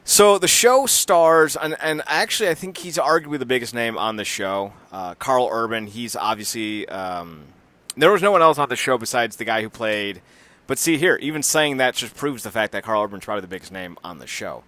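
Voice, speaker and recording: A man's voice: mid-range voice, moderate pace, dry recording. A man co-hosting a casual podcast, rambling and laughing as he talks. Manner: animated, rambling, laughs often, acts out voices. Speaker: podcast co-host.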